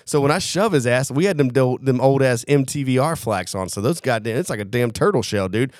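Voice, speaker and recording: A man's voice: mid-range voice, lively intonation, fairly quick, a little mellow, no echo. A man spinning a rambling, swear-filled story on a casual podcast, breaking into laughs and acting out both sides of an argument. His voice sits in a middle register and is recorded dry and close. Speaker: podcast co-host, former Marine.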